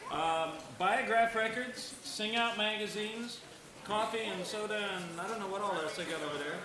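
A man's voice: high voice, normal speed. A man emceeing a small live music event, giving rambling, offhand announcements before introducing the next act. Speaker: concert emcee. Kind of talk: casual announcements. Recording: echoey hall with loud crowd noise.

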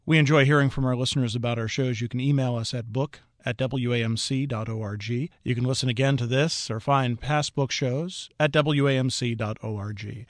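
A man hosts a radio book show, asking his guest calm, polite questions and then reading the sign-off. His voice sits at an ordinary middle pitch and sounds dry and close to the mic. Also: no echo. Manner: measured, courteous questions. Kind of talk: radio interview.

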